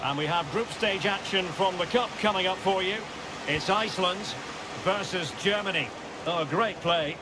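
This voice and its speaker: A man doing play-by-play football commentary for a video game, with measured calls that build to excited shouts. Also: sits high, noisy background. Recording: loud crowd and game sound under the voice.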